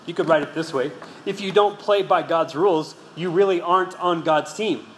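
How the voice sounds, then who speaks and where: Guy preaching in an echoey hall, fairly high voice, tells stories, asks the crowd stuff. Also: moderate pace, a little hiss or hum. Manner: storytelling, rhetorical questions to the congregation. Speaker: pastor. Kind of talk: sermon. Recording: echoey hall with faint ambience.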